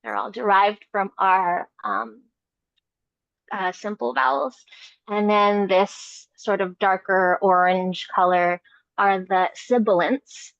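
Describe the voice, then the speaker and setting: Woman, study group leader, video call, slow, hesitant, fillers, dull dry audio. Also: medium pitch, fairly even intonation, creaky, fairly bright tone, no room sound. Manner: hesitant, with many fillers, asks the group questions. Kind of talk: explaining a chart on a video call.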